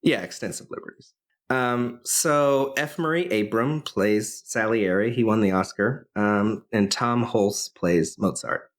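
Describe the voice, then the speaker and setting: A man with a fairly low voice speaks slowly and barely pauses. He's co-hosting a podcast and casually recounting a film's plot, rambling with plenty of fillers and restarts.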